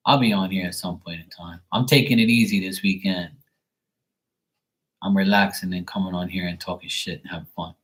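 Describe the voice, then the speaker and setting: A man's voice: fairly low pitch, rough recording. A middle-aged man talking casually and profanely on a late-night livestream, blunt and rambling. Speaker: livestream tarot reader.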